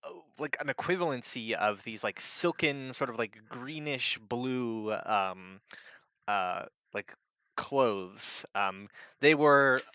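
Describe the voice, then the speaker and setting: A man narrating a tabletop game as game master, halting and full of fillers. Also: medium pitch, pushed and bright, clean tone, no room sound, highs cut off.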